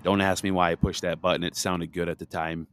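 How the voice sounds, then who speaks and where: Deep raspy man hosting a podcast. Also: little pitch movement, fairly quick, a bit bright, a little hiss or hum. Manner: fervent, folksy, laughs often. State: hoarse from illness. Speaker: podcast host. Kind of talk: casual podcast talk with prayer. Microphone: headphones and studio mic.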